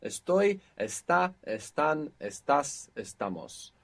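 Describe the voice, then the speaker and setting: A man's voice: fairly high pitch, sing-song, slow, creaky, fairly bright tone. A man teaching a language lesson, patiently explaining and prompting his learner to repeat.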